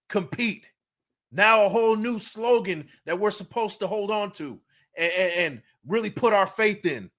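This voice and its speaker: A man's voice: high-pitched, pushed and bright. A man hosting a sports podcast, ranting heatedly and often repeating words as he gets worked up. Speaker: podcast host. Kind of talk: fan rant.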